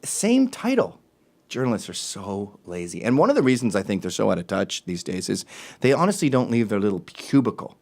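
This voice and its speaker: A man hosting a talk show, ranting in an animated, sarcastic way, jumping between loud remarks and muttered asides. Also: fairly low pitch, fairly quick, creaky. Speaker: show host. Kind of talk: opinionated talk-show rant.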